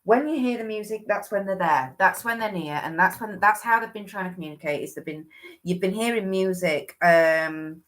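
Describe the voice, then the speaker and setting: A woman's voice: medium pitch, normal speed. A woman hosting a livestream, giving a chatty oracle card reading that often restarts and thinks aloud.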